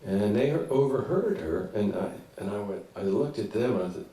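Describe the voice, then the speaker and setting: A man telling a story live on stage in a small listening room, in an animated, folksy way and acting out voices. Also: fairly low pitch, normal speed. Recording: roomy venue, distant mic, audience laughter.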